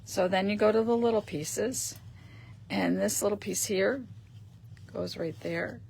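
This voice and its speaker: A woman hosting a live stream, chatting casually as she shows paper craft pieces and often clears her throat. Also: mid-range voice, a little slow, a little mellow, a little hiss or hum.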